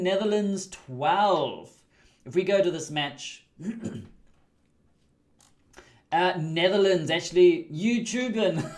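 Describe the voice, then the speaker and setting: A man casually commenting on a rugby manager game livestream, chatty and laughing often. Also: sits high. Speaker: livestream host.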